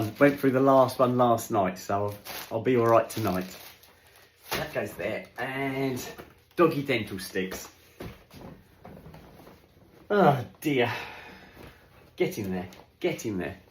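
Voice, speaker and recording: A man's voice: mid-range voice, roomy sound, slight background noise. A man chatting casually on his home vlog as he unpacks groceries in his kitchen, rambling along and talking to his dogs. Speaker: vlogger. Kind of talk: casual chat.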